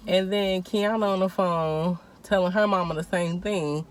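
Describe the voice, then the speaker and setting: A young woman telling a story in casual chat while eating, animated, acting out quotes and laughing often. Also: lowish voice, a little slow. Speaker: co-host.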